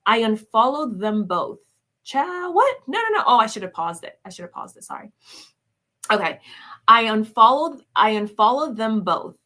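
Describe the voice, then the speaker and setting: Bright-voiced animated woman livestreaming. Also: mid-range voice. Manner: animated, exclaims "child", laughs often, reads comments aloud; chatty, addresses viewers as "y'all". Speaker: commentary livestream host. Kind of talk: casual commentary livestream.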